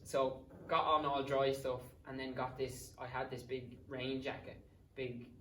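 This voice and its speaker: A man's voice: mid-range voice, little pitch movement, measured pace, fairly bright tone, slight background noise. Young Irish man, casual rambling storyteller, swears freely, echoey room, distant mic. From Ireland. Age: 20s. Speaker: podcast guest. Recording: roomy sound, distant mic.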